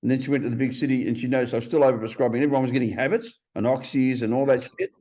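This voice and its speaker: A man in his fifties, a podcast guest telling stories in a blunt, profane, animated way. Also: medium pitch, rapid-fire. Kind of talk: casual interview storytelling.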